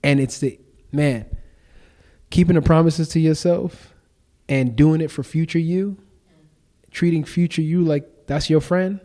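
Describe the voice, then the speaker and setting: Man, podcast guest, mellow voice, emphatic, casual slang. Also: on the high side, measured pace, pauses often. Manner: animated, emphatic storytelling with slang. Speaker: podcast guest and show founder.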